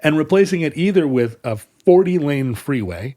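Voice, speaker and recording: A podcast co-host with a somewhat high, expressive voice and dark tone explains history in a long, meandering way at a moderate pace during a casual chat.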